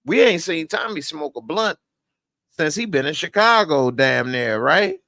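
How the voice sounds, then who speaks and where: A man casually reviewing a TV episode in a vlog, animated and laughing often. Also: fairly high pitch, unhurried, dry recording. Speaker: TV show reviewer.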